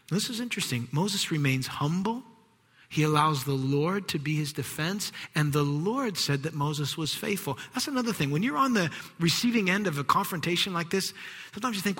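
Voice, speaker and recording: A man preaching a sermon, acting out quoted voices and dropping to hushed whispers. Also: on the high side, lively intonation, normal speed, slightly rough, in a large hall. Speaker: pastor.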